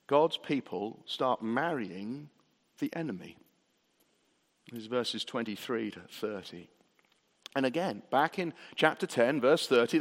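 A man's voice: medium pitch, a bit bright. A man preaching a sermon, earnest, building his points with rhetorical questions and repetition, heard in a reverberant church hall. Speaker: pastor.

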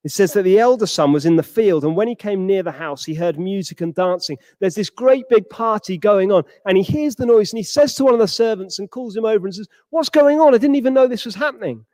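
Male preacher with a high voice giving a sermon, dry close sound, acts out the people in his story. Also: fairly quick, few pauses, warm tone, dry recording, in a large hall. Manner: acts out quoted characters with rising pitch.

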